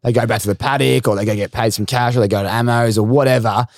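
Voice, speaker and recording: A male host chats easily with his guest and retells bits of the guest's story back to him. His voice is at a middle pitch. It sounds dry and close, with no room echo. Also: steady tone, fast. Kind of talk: casual interview chat.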